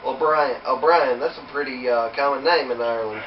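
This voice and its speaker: A man's voice: mid-range voice, moderate pace, echoey room, far from the mic, muffled recording, slight background noise, natural voice. A man voicing a tired, polite American driver who talks plainly.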